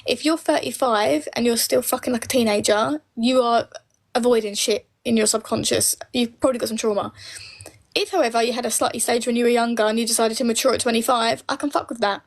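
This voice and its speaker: A woman's voice: fairly high pitch, fairly even intonation, fairly quick. A woman in her late twenties, bluntly answering viewer comments on a live stream, swearing freely and speaking her mind. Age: late 20s. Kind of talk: casual live Q&A.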